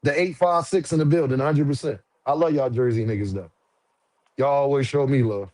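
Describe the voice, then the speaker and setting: Hosting a boxing livestream, this man speaks in a mid-range voice that's fairly quick and slightly mellow. His casual chat is full of loose, repetitive, profane slang, recorded with no room sound.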